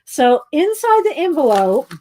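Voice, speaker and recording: A woman's voice: sits high, big pitch swings, measured pace, warm tone, slight background noise. Chatty woman unboxing craft mail. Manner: chatty, giggly, keeps saying hang on while unboxing. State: out of breath. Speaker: craft vlogger. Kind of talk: casual chat.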